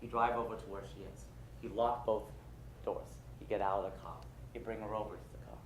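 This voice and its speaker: A man voicing a gruff older male mob boss, clipped and commanding, in a noisy echoey room. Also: lowish voice, steady tone, a little fast, close to an everyday voice. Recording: roomy live room with loud noise.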